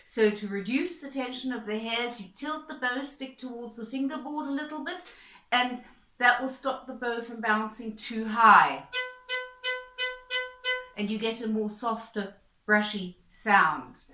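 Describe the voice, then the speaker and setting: Bright-voiced woman teaching violin, roomy sound. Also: on the high side, measured pace, soft background music. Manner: calm, patient, step-by-step coaching. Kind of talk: instructional explanation. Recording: echoey room. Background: violin playing between explanations.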